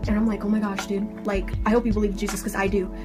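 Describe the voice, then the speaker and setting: A woman's voice: medium pitch, flat delivery, fast talker, music in the background. A woman telling a personal story in casual talk, earnest and emphatic, rambling and saying "like" constantly. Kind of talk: casual spoken testimony.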